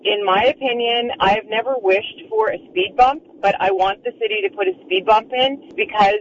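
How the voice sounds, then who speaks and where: A woman's voice: on the high side, moderate pace, highs cut off, slight background noise. A woman calling in to a radio show, chatty and ranting with humor. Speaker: caller. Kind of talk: phone call on radio.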